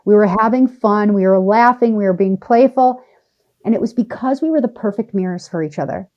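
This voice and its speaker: The recording is muffled as this woman, a guest on a podcast, relates a personal story in a medium-pitched voice. Emphatic and animated, she varies her tempo for dramatic effect.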